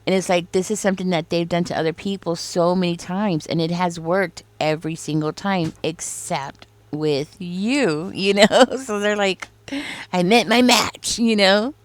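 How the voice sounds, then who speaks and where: A woman's voice: fairly low pitch, steady tone, moderate pace, few pauses, no room sound. A woman giving a casual spoken tarot reading, rambling with many fillers and briefly acting out other people's reactions. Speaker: tarot reader.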